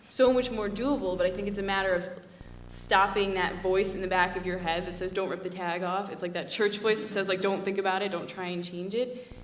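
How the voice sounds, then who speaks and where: A woman's voice: mid-range voice, distant mic, a little hiss or hum. Earnest young woman in an echoey hall. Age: young adult. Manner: earnest and passionate, chatty with frequent "like". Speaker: student panelist. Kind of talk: panel talk.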